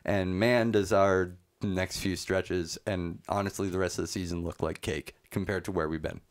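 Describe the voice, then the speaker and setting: A man's voice: sits low, fairly even intonation, normal speed. A man co-hosting a casual sports podcast, recapping games in a chatty way with many fillers.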